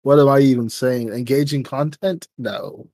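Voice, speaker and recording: Laid-back man with a mellow voice. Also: medium pitch, fairly even intonation, normal speed. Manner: swears freely, laid-back, steers the discussion. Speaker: podcast co-host. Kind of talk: casual review chat.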